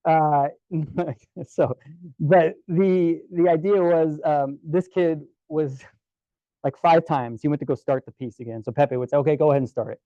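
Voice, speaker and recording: A man giving a casual storytelling presentation to a club, relaxed and chatty with many fillers and restarts. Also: a little high, measured pace, dry recording, muffled recording. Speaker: guest presenter at a camera club.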